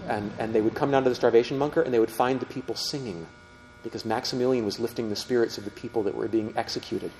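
A middle-aged man teaching a group about faith, speaking conversationally and often asking the audience questions. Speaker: Catholic teacher. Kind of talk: storytelling talk to a group. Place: meeting room with tables. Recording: reverberant hall, faint rumble.

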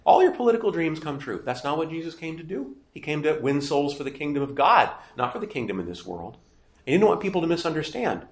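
Animated man teaching a Bible class. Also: a little high, fast, reverberant. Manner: lively, emphatic, asks questions and answers them himself. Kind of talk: catechism lecture.

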